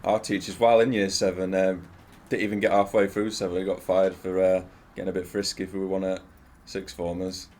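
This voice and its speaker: A man's voice: deep voice, level tone, brisk, a little mellow. A young man chatting as a podcast guest, laid-back and hesitant, with many fillers. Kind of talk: casual chat.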